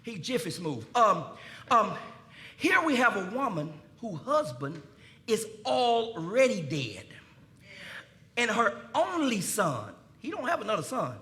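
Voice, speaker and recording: A pastor, preaching a sermon in a folksy style, speaking to his congregation and building to shouts. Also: high voice, wildly swooping pitch, slow pace. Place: church sanctuary.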